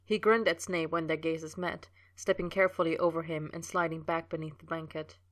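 Low-voiced woman narrating a story. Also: fairly even intonation, brisk. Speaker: reader. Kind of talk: reading fan fiction aloud.

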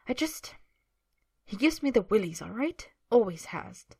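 A woman's voice: a little high, very animated, measured pace, warm tone, breathy edge, voice pushed up, exaggerated voice. A woman voicing a proud, nervous young man who speaks sulkily and hotly, often in urgent whispers, in a storybook reading. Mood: sulky defensive. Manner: hot-tempered, sulky, whispering urgently.

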